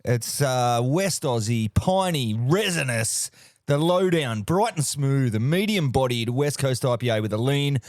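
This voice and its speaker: A man's voice: mid-range voice, animated, dry recording, clean studio sound, natural voice. A man putting on a put-on English accent as a cheerful bloke hamming up a beer advert. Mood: hammy. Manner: hammy, drawn-out ad read.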